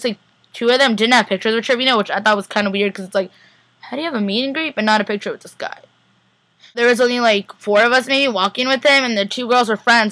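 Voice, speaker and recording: A woman's voice: mid-range voice, fairly bright tone, no echo. A young woman vlogger casually rambling through a recap, full of "like" and acted-out quotes. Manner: rambling, heavy use of "like", acts out quotes.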